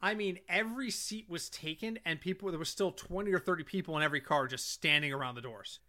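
A middle-aged man co-hosting a casual podcast, an animated storyteller who swears freely. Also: on the high side, quick pace. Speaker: podcast co-host.

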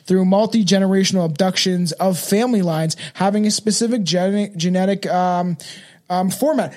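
A man with a fairly high voice hosts a podcast. He rambles in casual chat, reads from notes and stumbles through fillers and restarts. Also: darkish tone. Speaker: podcast host.

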